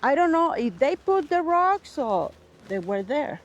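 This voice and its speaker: Woman, playful and giggly, slow-paced casual talk. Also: high-pitched, big pitch swings, dull audio. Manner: playful, mimics animal sounds, giggly. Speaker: vlogger's wife. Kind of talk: casual chat while walking a trail. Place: outdoors on a river trail.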